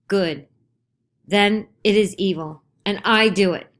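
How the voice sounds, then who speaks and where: A woman's voice: mid-range voice, slow pace, pitched above the performer's own voice, close to an everyday voice. A woman voicing an anguished, defiant middle-aged male farmer in a dramatized play reading, with pained, raised delivery.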